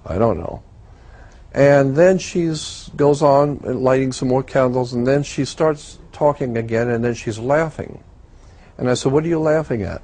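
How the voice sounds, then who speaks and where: Male guest, mid-pitched, warm and dark tone, earnest storyteller who repeats himself for emphasis. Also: a little slow. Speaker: guest telling his story. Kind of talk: first-person storytelling in a talk program.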